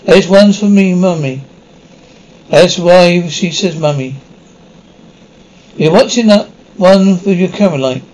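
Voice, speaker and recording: A man's voice: sits high, unhurried, pauses often, darkish tone, low-quality recording. An actor playing a rambling, childlike male prisoner who shows off his tattoos and keeps stumbling over his words. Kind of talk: mockumentary comedy acting.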